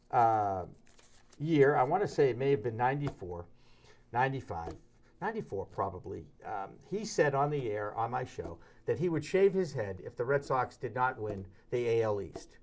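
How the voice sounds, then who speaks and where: A middle-aged man hosting a sports talk show, telling stories in a casual, animated way and slipping into high voices when he quotes people. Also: normal speed. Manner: animated, jumps into high-pitched voices when quoting others.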